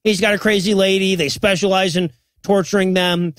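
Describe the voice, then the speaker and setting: A man with a high voice recaps a film's plot for a comedy podcast. He swears freely and acts out the characters' lines. The recording is dry and close. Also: moderate pace, dry recording. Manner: profane, animated retelling with quoted voices. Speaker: podcast co-host. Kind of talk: comedic movie recap chat.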